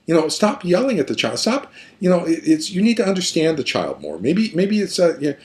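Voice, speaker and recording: A man's voice: sing-song, brisk, a little mellow. Man mimicking a whiny, scolding adviser. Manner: high, whiny, lecturing mimicry. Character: nagging well-meaning adviser scolding a parent.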